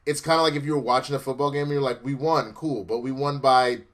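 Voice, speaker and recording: Male co-host, mid pitch, relaxed and chatty, salty language. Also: quick pace. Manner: laid-back, profane, conversational. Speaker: co-host reviewing a TV episode. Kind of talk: casual podcast chat.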